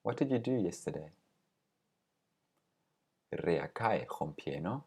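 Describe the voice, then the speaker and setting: A man with a very low, husky voice teaches a recorded language lesson. He reads short example phrases, then walks through each word patiently and slows on the important ones. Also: very animated, a little mellow. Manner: patient, explains word by word, slows on key words.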